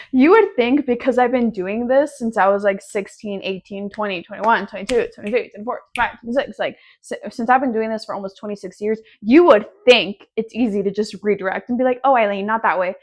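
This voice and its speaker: A woman in her twenties hosting her own podcast, talking straight to listeners in a loose, chatty way. She is sassy and swears freely, drifting from topic to topic before reeling herself back in. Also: medium pitch. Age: 20s. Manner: sassy, profane and rambling. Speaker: podcast host. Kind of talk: casual solo podcast chat. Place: at home in her apartment.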